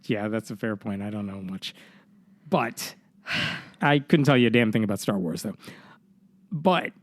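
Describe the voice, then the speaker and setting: A young man co-hosts a podcast, chatting casually in a fairly low voice with lively intonation and an unhurried pace. The recording is dry and studio-clean, and he rambles with many fillers and restarts.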